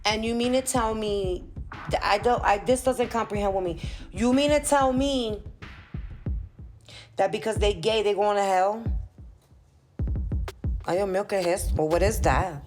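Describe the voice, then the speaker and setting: A woman's voice: mid-range voice, unhurried, soft background music. A woman in her forties giving a heated, profane opinion rant as a vlogger, dropping in Spanish words. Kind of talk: ranting opinion monologue.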